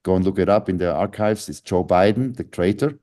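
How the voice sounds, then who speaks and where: Man, deep-ish voice, mellow tone, radio talk monologue, emphatic and lecturing. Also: brisk. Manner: emphatic, lecturing, repeats key words. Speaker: radio show speaker.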